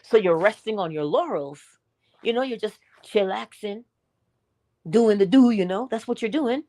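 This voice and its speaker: Medium in pitch and moderate in pace, a woman delivers an inspirational morning talk full of animation and emphasis. She questions her listeners rhetorically in a preacherly manner, shifting from loud surges to hushed asides.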